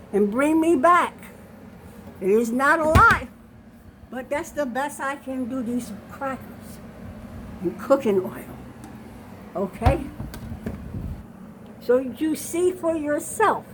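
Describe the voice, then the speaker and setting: Slow and animated, with long pauses, an older woman's high-pitched voice carries over background noise as she films her kitchen on her phone. She is breathless and insistent, frequently asking "okay?" during the walkthrough.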